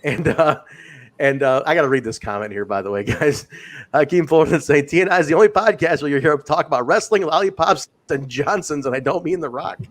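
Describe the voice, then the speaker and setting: A man's voice: fairly high pitch, fairly quick. A man hosting a wrestling podcast, chatting casually, swearing now and then and reading viewer comments aloud. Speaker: podcast host.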